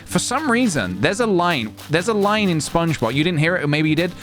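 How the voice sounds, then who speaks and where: A chatty, giggly man commenting on his game as he plays, his voice bouncing between highs and lows. Game music runs clearly behind him throughout. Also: very animated, a little fast, a bit bright. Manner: chatty, giggly, self-mocking. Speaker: streamer. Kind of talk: casual gameplay commentary.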